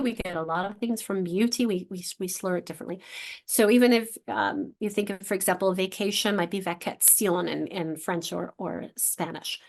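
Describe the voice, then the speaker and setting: With a medium-pitched voice, a woman literacy instructor leads teachers through an online workshop, encouraging them and carefully sounding out syllables at a slow pace.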